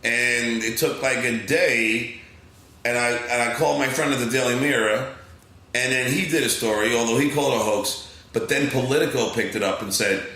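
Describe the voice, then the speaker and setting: A middle-aged man with a Long Island accent, a podcast guest telling an animated story, excitable, acting out other voices, full of fillers and restarts. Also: medium pitch, moderate pace, heavy reverb, low-quality recording.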